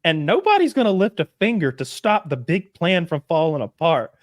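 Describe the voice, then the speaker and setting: A man co-hosting a casual podcast chat, telling stories with animated bursts and acted-out quotes. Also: on the high side, moderate pace, no echo. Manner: animated storytelling, acts out quotes in loud bursts. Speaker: podcast co-host.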